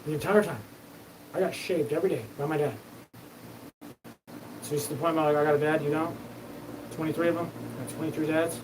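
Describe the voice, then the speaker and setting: A man's voice: fairly high pitch, steady tone, brisk, pauses often. A man hosting his own show, talking in a rambling livestream monologue that is profane and jumps from topic to topic. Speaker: show host. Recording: distant mic, clear background noise.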